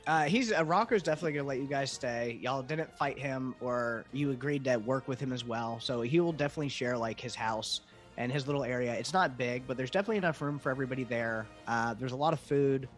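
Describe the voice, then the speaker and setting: Fast casual man running the game. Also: mid-range voice, faint music behind. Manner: quick, casual, swearing, laughing often. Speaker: game master. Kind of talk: narrating a tabletop game.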